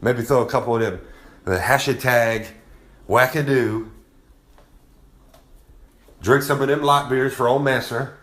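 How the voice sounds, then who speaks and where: Man, brash wrestling promo, folksy drawl, middle pitch. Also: a little slow, pauses often, a bit bright. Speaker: wrestler segment host. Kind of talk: brash promo-style monologue.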